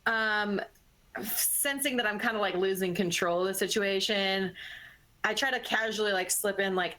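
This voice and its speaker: A woman's voice: medium pitch, moderate pace, pushed and bright, rough recording. A woman playing in a tabletop game, speaking in a casual, hesitant way with many fillers. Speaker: player. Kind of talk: tabletop role-play.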